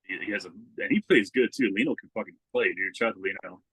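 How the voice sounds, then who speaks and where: Male podcast co-host, husky, low-ish, relaxed storyteller who swears a lot; dry close mic. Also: fast talker, dry recording, low-quality recording. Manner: laid-back, swears a lot, acts out quotes in a raised voice. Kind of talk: casual chat.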